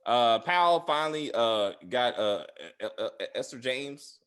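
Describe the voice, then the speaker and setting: A man talks casually as a podcast host, his pitch swinging up and down in a lively way. He rambles, stumbles over his words and fills gaps with lots of ums and uhs. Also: measured pace, smooth. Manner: rambling, many fillers and restarts; laughs loudly and high. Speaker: podcast host reviewing a TV series. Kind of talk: casual chat.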